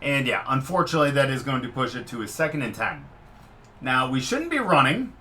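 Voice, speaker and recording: Bright-voiced excitable gaming commentator man. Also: medium pitch, brisk, slight background noise. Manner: excitable, swings from muttering to shouting at the quarterback. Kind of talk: live gameplay commentary.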